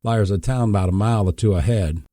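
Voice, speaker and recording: A man voicing a calm, cautious adult male traveler giving a warning. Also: fairly low pitch, fast talker, no echo, clean studio sound, natural voice.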